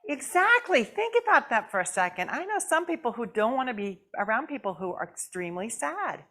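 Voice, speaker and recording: Animated woman giving a talk in church. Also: on the high side, a little fast. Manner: lively and animated, acts out quoted voices, asks the audience questions. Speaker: guest speaker. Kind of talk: conversational sermon. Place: church sanctuary.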